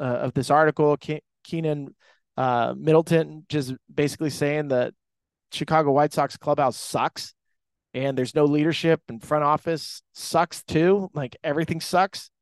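A man's voice: fairly high pitch, no room sound. A man hosting a baseball podcast in a casual, rambling monologue, full of restarts and fillers, talking from an airport restaurant bar. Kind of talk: casual sports talk monologue.

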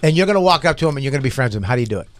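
A man's voice: medium pitch, animated, rapid-fire, no room sound. Blunt Boston man co-hosting. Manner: blunt, crude, self-mocking. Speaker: podcast co-host. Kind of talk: casual podcast chat.

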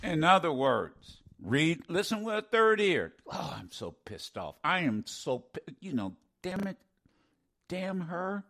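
A middle-aged male radio host with a high voice that swings widely up and down. He talks in an animated, indignant way and throws in sarcastic asides. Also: slow pace. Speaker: radio talk show host. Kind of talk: call-in radio talk.

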